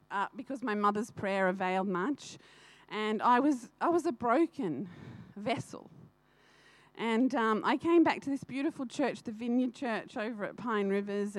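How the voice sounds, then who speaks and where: Woman, middle-aged, high voice, dry close sound, fervent church testimony to the congregation. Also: no room sound. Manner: fervent, earnest, laughs often, addresses the congregation directly. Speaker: church speaker sharing a testimony. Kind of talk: personal testimony in a church service.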